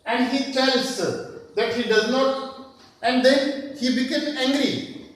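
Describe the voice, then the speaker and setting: A man with an Indian English accent teaching a class, explaining slowly, repeating himself and asking himself questions. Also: very high-pitched, a bit bright. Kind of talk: recorded class lecture. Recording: echoey room, voice from a distance.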